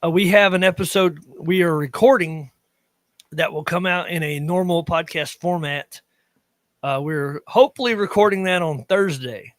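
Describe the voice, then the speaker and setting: A man's voice that's a little high and fairly bright, at a moderate pace, with no room sound. He's in his thirties, hails from western North Carolina in Appalachia and has the accent, and co-hosts a podcast where he tells wandering stories in casual chat, often abandoning sentences halfway.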